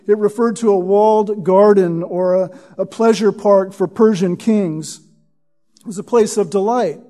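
High-pitched pastor preaching a sermon. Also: male voice. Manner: teaching, drops to a hushed tone for quotes.

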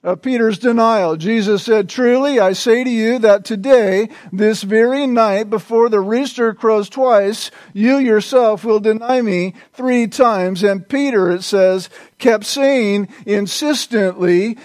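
A male pastor preaching a sermon in a slow, deliberate way, repeating short phrases for emphasis. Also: high voice, a little mellow, dry recording.

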